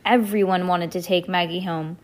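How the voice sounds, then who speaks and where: A woman's voice: lowish voice, fairly even intonation. Woman reading a storybook to her kid. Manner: pauses to chat with the child. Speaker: parent reading to a child. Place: at home.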